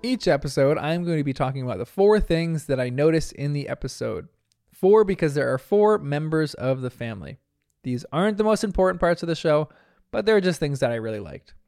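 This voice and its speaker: A young man from New Jersey talks through a cartoon episode in a casual, chatty way, laughing often at his own asides. His voice sits a bit high and sounds smooth and clean. The recording is dry and close, with no room sound. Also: expressive, a little fast, darkish tone, no room sound. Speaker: podcast host reviewing a cartoon.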